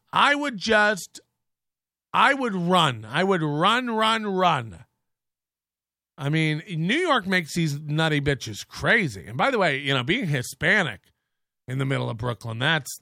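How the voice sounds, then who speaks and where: Man hosting a talk show, crude mocking rant, high animated voice, bright tone, dry close sound. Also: a little slow, creaky, no room sound. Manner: crude, mocking, laughs at his own jokes. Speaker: show host. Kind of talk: ranting commentary on a viewer dispute.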